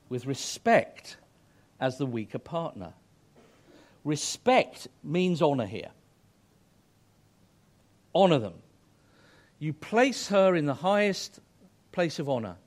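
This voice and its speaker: A middle-aged man preaching a sermon to married couples, earnest and emphatic, rising to fervent exhortation. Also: a little high.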